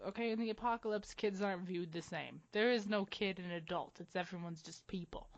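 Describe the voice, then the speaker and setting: A woman co-hosting a podcast, telling stories in a casual, animated way with frequent laughs. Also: medium pitch, brisk, few pauses. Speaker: podcast co-host. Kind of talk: casual chat. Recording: dull lo-fi recording.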